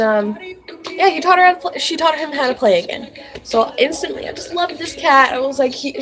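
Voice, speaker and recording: A young woman with a fairly high voice tells a story about her pets, casually and earnestly. She rambles and leans on fillers like "like" and "um". Faint music plays quietly behind her. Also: low-quality recording. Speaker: vlogger.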